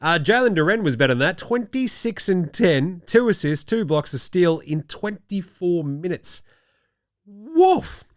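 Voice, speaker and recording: A man's voice: sits high, expressive, moderate pace, hardly any pauses, no room sound, studio quality. A young Australian man hosting a casual basketball show, joking as he rattles off stats. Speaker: host. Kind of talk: casual chat.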